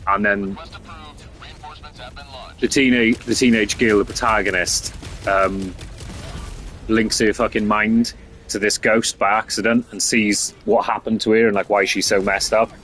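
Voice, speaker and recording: A man's voice: on the low side, level tone, unhurried, pauses often, fairly bright tone, faint music behind. A young man streaming a game, chatting casually with lots of fillers and swearing. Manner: rambling, sweary, filler-heavy. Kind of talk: casual chat.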